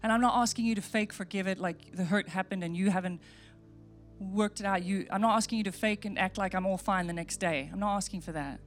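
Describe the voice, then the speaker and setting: A woman's voice: mid-range voice, brisk. A woman pastor giving a sermon and altar call, earnest and repeating short phrases as she prays aloud. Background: soft music.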